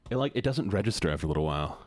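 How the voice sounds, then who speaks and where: A man's voice: deep voice, lively intonation, racing, darkish tone, dry recording, clean studio sound. A young man streaming a game, chatting casually with his chat, laughing and swearing often. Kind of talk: casual live-stream chat while gaming.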